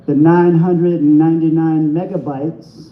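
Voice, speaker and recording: A man doing a rambling, self-deprecating stand-up set at an open mic, halting and restarting as he goes. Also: on the high side, flat delivery. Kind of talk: stand-up set with crowd work. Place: small bar comedy venue. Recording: echoey, dull-sounding room recording.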